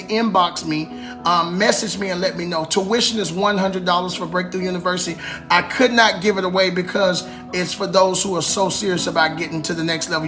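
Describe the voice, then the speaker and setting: A high-pitched man, a preacher, talking loosely to his livestream viewers. He is animated and chatty, calling them y'all and baby, with faint music playing behind him. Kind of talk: casual livestream chat. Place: live stream.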